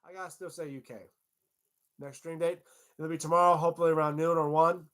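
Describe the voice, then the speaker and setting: A man's voice: fairly high pitch, level tone, fast, a bit bright. Rambling casual livestream host, man. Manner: rambling, loose, swears casually.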